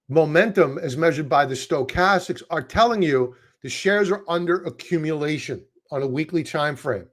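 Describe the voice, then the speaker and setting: A man with a Brooklyn accent giving casual, chatty stock market commentary, joking at his own expense. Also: a little high. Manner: chatty, self-deprecating, wordy restarts. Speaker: market analyst.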